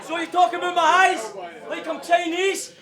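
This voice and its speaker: A Scottish man spits taunting battle verses in a very high voice, now and then shouting at the room. A loud live crowd roars all around him. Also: steady tone, moderate pace. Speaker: battle rapper.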